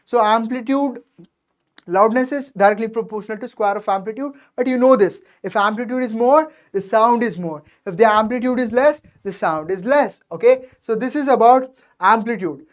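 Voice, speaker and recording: A woman's voice: fairly high pitch, moderate pace. A woman teaching a science revision lecture, explaining step by step and checking in with her students after nearly every point. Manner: addresses students directly and checks understanding.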